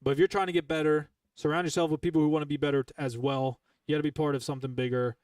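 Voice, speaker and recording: A man's voice: fairly high pitch, little pitch movement, very fast, darkish tone, dry recording. A young man, a former Marine sergeant hosting a podcast, telling stories casually with lots of swearing and emphasis. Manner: profane, emphatic, full of fillers. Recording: dry, from some distance to the mic.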